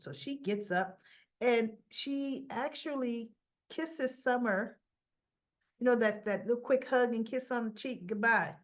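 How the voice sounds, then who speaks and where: A woman's voice: fairly high pitch, lively intonation, measured pace, muffled recording. A woman hosting a casual soap recap, chatty and opinionated, acting out characters' lines as she goes. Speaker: soap opera recap host.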